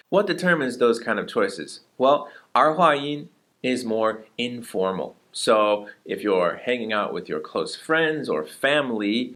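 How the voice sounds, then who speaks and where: Lower-voiced man teaching Mandarin words. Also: fairly bright tone. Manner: explains steadily, models Mandarin words with slow repeated examples. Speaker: Chinese teacher. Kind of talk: casual video lesson.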